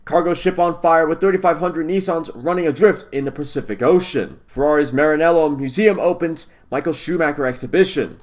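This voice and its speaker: A man hosting a car news show, reading headlines and recall details with casual asides and spelling rants, tripping over names now and then. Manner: stumbles over names and rants with rising pitch.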